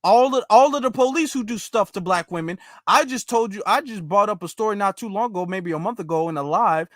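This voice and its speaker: A man's voice: sits high, brisk, fairly bright tone, no echo, studio quality. A man hosting a commentary video, reacting to clips with emphatic rhetorical questions and a rambling delivery full of fillers. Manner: rambling, with many fillers and restarts. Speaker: commentary host.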